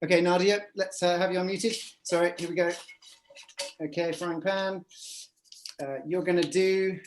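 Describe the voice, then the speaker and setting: A woman's voice: on the low side, steady tone, moderate pace, roomy sound, slight background noise. A woman hosting a live online improv show over a video call, chatty and hesitant, full of fillers and restarts. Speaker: host.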